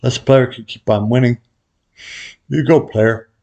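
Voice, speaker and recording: A man hosting a gambling video, calling out his bets in a relaxed, muttered running commentary to viewers. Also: mid-range voice, a little slow, muffled recording. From Vegas pro. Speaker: baccarat video host. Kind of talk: casual play-by-play of bets.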